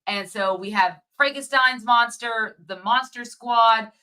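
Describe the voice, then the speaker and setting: A woman co-hosting a casual movie review chat, retelling the plot in a lively way and laughing often. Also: on the high side, a little slow.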